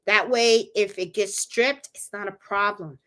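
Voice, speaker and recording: Bright-voiced chatty craft-stream hostess. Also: female voice, mid-range voice, fairly even intonation, measured pace. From Puerto Rico. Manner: chatty, talks straight to viewers with many fillers. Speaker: sewing and embroidery livestream host. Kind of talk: casual live-stream chat.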